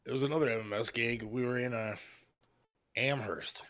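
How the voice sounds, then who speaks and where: A man hosts a talk show and tells a rambling anecdote in a relaxed, mid-pitched voice. He swears freely and laughs through the story. The sound is dry and close to the mic. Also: moderate pace, no echo. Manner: loose, profane, laughing anecdotes. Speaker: radio show host. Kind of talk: casual storytelling chat.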